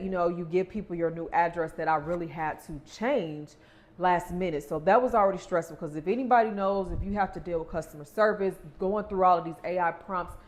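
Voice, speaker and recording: Woman vlogger, young adult, casual storytime chat, animated retelling, middle-pitched voice. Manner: animated retelling, acts out quoted exchanges.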